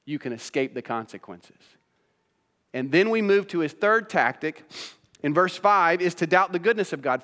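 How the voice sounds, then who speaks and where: Male pastor, high voice, preaching with rhetorical questions, hall reverb. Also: expressive, normal speed, a bit bright. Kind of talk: sermon.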